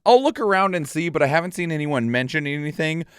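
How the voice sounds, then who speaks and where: Offhand male reaction host, lively intonation, clean dry mic. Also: fairly high pitch, quick pace, clean tone, no room sound. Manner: rambling and offhand. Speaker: reaction streamer. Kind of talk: casual commentary.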